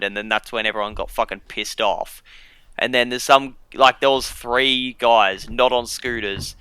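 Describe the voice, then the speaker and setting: Bright sweary young Aussie bloke. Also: male voice, mid-range voice, moderate pace, clear, resonant tone, no echo. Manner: sweary, filler-heavy storytelling. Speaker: podcast co-host. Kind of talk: casual storytelling chat.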